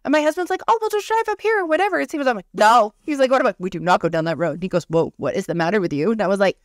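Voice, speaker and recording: A woman's voice: medium pitch, rapid-fire, no echo, studio quality. A woman in her thirties, a podcast co-host, telling a creepy personal story in casual chat, swearing freely and acting out what people said. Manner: animated storytelling, swears freely, acts out quotes.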